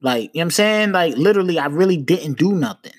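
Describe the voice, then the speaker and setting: A man's voice: on the high side, lively intonation, fast. A man hosting a podcast, retelling a personal story in a loose, repetitive, casual way and swearing freely. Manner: loose, repetitive retelling with frequent "you know what I'm saying". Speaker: podcast host.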